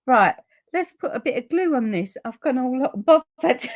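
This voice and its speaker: Giggly high woman in her fifties. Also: very animated, slow, long pauses, a bit bright. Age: 50s. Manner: giggly, keeps breaking into laughter and apologizing. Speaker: papercraft livestream host. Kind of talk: casual live crafting chat.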